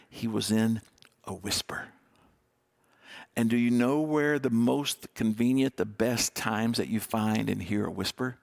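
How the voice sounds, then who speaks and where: A man preaching a sermon, dropping to a hush on key words with dramatic pauses. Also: mid-range voice, creaky. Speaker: pastor.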